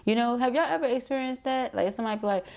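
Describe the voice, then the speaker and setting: A woman reading tarot for her viewers in a casual, sassy, blunt style, full of slang and quick laughs. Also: fairly high pitch, vocal fry, a little mellow. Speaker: tarot reader and spiritual coach.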